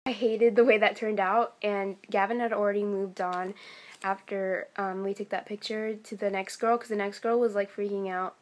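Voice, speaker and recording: A teenage girl from the United States telling a casual vlog story, chatty and excitable, full of "like" and "um". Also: mid-range voice, normal speed. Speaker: vlogger.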